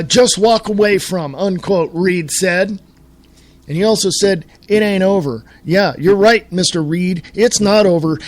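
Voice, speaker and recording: A middle-aged man from the United States hosting a talk radio show, reading quotes aloud and ranting with profanity. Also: high voice. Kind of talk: angry political commentary.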